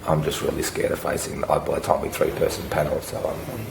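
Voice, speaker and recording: A man with a very deep, hoarse voice from laryngitis plays a client in a therapy role-play. He speaks haltingly, with many pauses and restarts. The sound is echoey, with clear background noise. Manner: hesitant, with many ums and restarts. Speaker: workshop volunteer playing a client.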